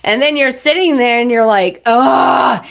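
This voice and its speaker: A woman's voice: fairly high pitch, lively intonation, fairly quick. A young adult woman, a relationship coach, talking bluntly and animatedly in a candid podcast conversation, slipping into acted-out voices.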